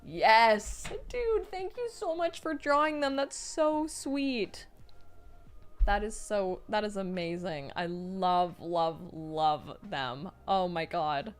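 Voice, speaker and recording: A woman streamer reading viewer messages aloud on a live stream, reacting with excitable, gushing praise and casual swearing. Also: mid-range voice, slow, smooth, faint music behind.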